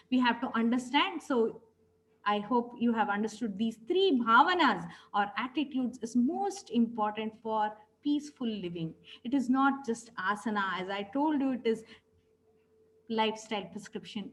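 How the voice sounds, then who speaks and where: A woman's voice: a little high, rough recording. A woman, teaching yoga philosophy in an earnest, storytelling way and often stopping to correct herself. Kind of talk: spiritual teaching talk.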